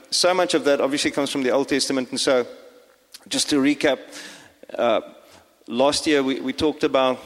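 Man, pastor, preaching a sermon, halting with fillers, mid pitch, long hall echo. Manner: hesitant, many fillers and restarts.

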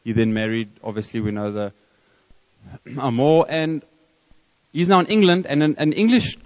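A man with a South African accent preaching a sermon, telling a story in a reflective way with pauses and restarts. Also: medium pitch, fairly even intonation. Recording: long hall reverb, dull lo-fi sound.

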